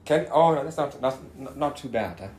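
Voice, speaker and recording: A man's voice: medium pitch, animated, a little fast, darkish tone. A man chatting as a podcast guest in a laid-back, teasing way. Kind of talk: casual chat. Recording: roomy echo.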